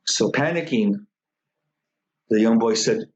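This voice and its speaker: A male Buddhist minister tells a spooky folktale as part of a dharma talk. He speaks very slowly and deliberately, pausing between short phrases. His voice sits at an ordinary pitch for a man. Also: poor audio. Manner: slow, measured telling with many pauses.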